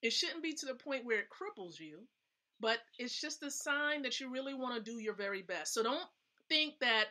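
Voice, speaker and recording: A woman's voice: a little high, lively intonation, moderate pace, pushed and bright. A woman hosting a casual live stream, giving chatty, emphatic tips and often checking in with her viewers. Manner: chatty, emphatic, asks the audience questions. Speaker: host.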